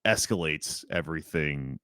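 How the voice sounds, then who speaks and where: A man's voice: very deep voice, a little slow, pushed and bright, no echo. A man co-hosting a podcast, rambling loosely through a movie recap with lots of fillers and restarts. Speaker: podcast co-host. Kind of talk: casual chat.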